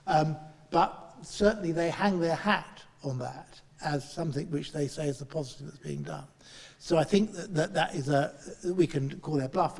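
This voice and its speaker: Gravelly man in reverberant room. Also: on the high side, a little mellow. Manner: halting, with frequent restarts. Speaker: chair and politician. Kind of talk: panel speech. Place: meeting room in Parliament.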